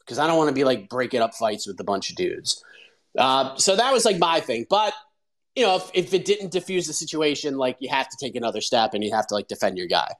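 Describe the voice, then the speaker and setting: Fairly quick and fairly high-pitched, a male host in his forties chats through stories on his show. The recording quality is low, and his energetic commentary is sprinkled with plenty of "like"s and fillers.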